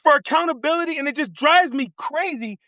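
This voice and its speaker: Fired-up man, high bright voice. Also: a little fast, no room sound. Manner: passionate, repeats himself, swears. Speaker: congressional candidate guest. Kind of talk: fired-up casual talk.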